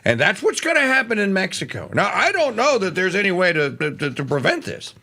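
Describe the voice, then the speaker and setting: A man hosting a political talk radio show, delivering a fiery monologue that swings between low mutters and shouts. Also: wildly swooping pitch, brisk. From Louisiana.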